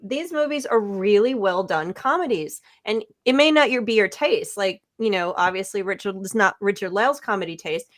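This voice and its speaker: A woman's voice: medium pitch, lively intonation, moderate pace, hardly any pauses. A woman co-hosting a casual podcast, giving her rambling, self-correcting opinions on a comedy movie. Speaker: podcast co-host. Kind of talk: casual chat.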